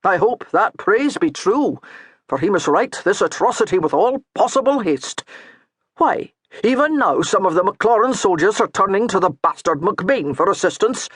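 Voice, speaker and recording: A woman narrator voicing a gruff, mocking male priest with a thick Scottish brogue. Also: mid-range voice, expressive, normal speed, dry recording, studio quality, voice pushed up. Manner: baiting, scolding, dour.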